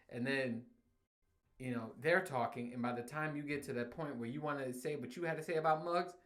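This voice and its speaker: A young man hosting his own podcast, ranting in casual, profane solo talk that he breaks up with laughs and sudden outbursts. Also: a little high. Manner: profane, animated storytelling with frequent laughs. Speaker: podcast host.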